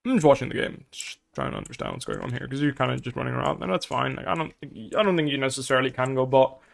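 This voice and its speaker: A man's voice: mid-range voice, very animated, fast talker, creaky. A man coaching a player through a game review in casual talk, blunt and swearing a lot, acting out little scenes.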